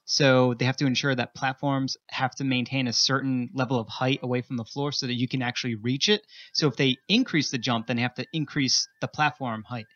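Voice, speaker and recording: Reviewer: mid-pitched man, halting and explanatory, dull lo-fi broadcast sound. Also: a bit bright. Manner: hesitant, lots of uh, explaining. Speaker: game reviewer on a radio show. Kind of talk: casual radio chat.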